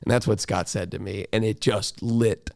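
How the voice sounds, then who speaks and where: A man's voice: moderate pace, creaky. A male teacher telling a classroom story in a reflective, conversational monologue, acting out quoted dialogue and asking "right?" often. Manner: animated, acts out quoted dialogue with rising pitch. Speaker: teacher and podcast host.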